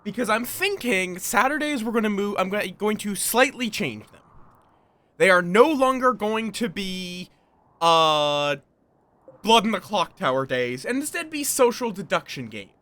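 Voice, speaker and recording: High, lively, tired streamer man. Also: unhurried. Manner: playful, slips into silly put-on accents. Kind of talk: casual livestream chat while gaming. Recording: faint music in the background.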